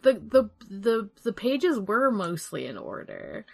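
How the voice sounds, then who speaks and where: A woman's voice: medium pitch, sing-song, slow, vocal fry, slightly rough. Rambling woman full of "like"s. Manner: rambling, heavy use of "like", swears casually. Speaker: podcast co-host. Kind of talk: casual chat.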